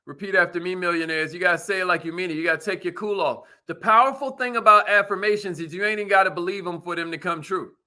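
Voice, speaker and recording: Man, high voice, very bright and sharp, energetic motivational host, slangy, preachy. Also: quick pace, hardly any pauses. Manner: energetic, preachy, rhetorical questions to listeners; casual slangy speech. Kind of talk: motivational business talk.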